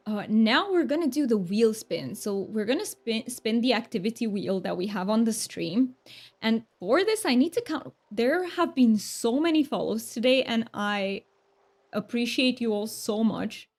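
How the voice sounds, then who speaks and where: A woman's voice: on the high side, lively intonation, moderate pace, a little mellow. A woman from Romania streaming a game, chatting with her viewers in a bubbly, giggly way. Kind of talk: casual live-stream chat.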